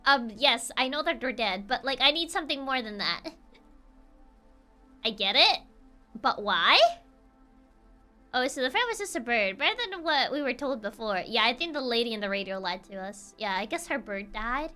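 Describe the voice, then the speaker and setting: A woman's voice: fairly high pitch, lively intonation, normal speed, sharp tone, soft background music. A young woman streaming a story game, with playful, teasing commentary that is full of giggles and stumbling restarts. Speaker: gaming streamer.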